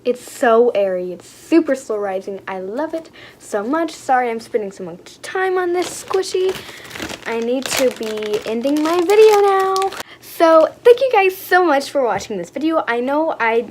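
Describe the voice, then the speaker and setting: A young woman excitedly unboxing toys for her vlog, gushing and gasping with lots of fillers. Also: high-pitched, unhurried, a little hiss or hum. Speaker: vlogger.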